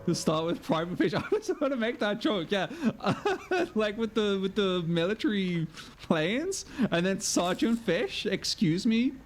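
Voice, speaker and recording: A man's voice: high-pitched, big pitch swings, a little slow, a little hiss or hum. A man streaming a game live, joking, swearing freely and laughing often. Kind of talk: live gameplay commentary.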